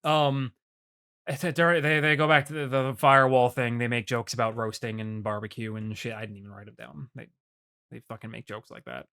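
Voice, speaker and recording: A man's voice: medium pitch, steady tone, a little fast, pushed and bright, smooth. A young man co-hosting a podcast, recapping an episode in loose, profane casual chat and laughing often. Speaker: podcast co-host.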